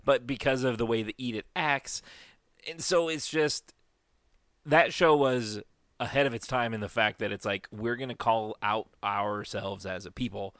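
A man talks through a casual podcast conversation, rambling and animated. His voice sits at a middle pitch and sounds dry and close to the mic. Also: normal speed, no room sound. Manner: rambling, animated storytelling with impressions. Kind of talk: casual chat.

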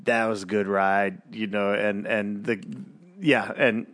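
A man's voice: fairly low pitch, level tone, unhurried, a bit bright, dry recording. Man rambling with fillers, dry sound. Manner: hesitant, many fillers and restarts. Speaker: podcast co-host. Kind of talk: casual chat.

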